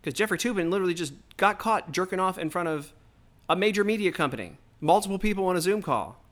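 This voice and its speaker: A man's voice: high-pitched, lively intonation, fast talker, fairly bright tone. A man hosting his own podcast, delivering a heated, profane, rambling political rant straight into the mic. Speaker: podcast host.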